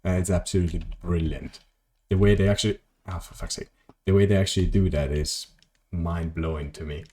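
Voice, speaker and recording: A man's voice: low-pitched, fairly even intonation, brisk, dark tone. A man streaming a video game, rambling casually to his chat and swearing at mishaps. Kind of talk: casual gameplay commentary.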